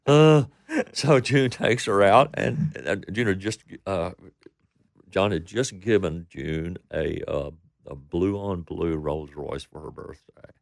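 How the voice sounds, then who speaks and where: A Texas country singer speaks slowly in a low-pitched voice with vocal fry, in a studio-quality recording without room sound. His interview is full of rambling anecdotes where he acts out what others said.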